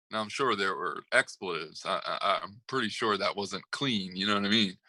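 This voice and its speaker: A man's voice: low voice, normal speed, hardly any pauses, sharp tone, dry recording, poor audio. A man co-hosting a casual sports talk show, telling stories in a rambling way with lots of fillers and laughs. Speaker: sports podcast co-host.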